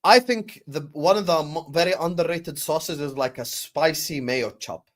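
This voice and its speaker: A man hosting a football watchalong stream, bantering with chat and breaking into loud bursts when the match heats up. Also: a little high, normal speed, dry recording, studio quality. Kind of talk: casual live-stream chat with match commentary.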